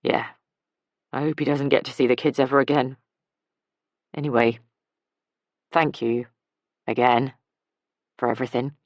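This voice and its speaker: Woman reading a quiet, gruff, modest man, low voice, dry recording. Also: steady tone, a little slow, long pauses, dry recording. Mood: sincere. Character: kind, modest man mechanic.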